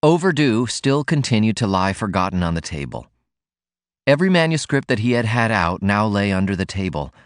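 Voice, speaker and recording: A man narrating an audiobook in a somewhat low voice, measured and even in his delivery. The recording is dry and close, with no room sound. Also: no room sound. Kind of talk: scripted narration.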